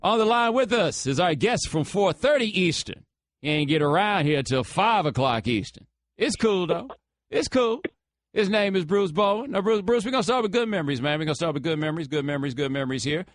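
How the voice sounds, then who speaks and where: A man's voice: high-pitched, lively intonation, a little fast, no echo, clean studio sound. A man hosting a sports talk radio show, taking callers in a casual, slangy way. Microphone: studio microphone.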